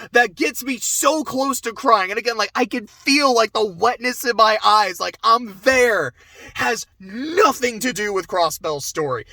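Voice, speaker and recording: A young man giving a casual spoken game review, animated, swearing and going off on asides. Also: very high-pitched, dry recording. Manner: animated, swears, laughs often, trails off into asides.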